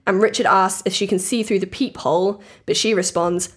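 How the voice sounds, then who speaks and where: A woman in relaxed conversation, walking a listener through a story. She talks in a chatty, casual way at a middle pitch and acts out what people said. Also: a little fast, few pauses. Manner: chatty, laughs often, acts out quotes. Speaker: podcast host telling a true crime story.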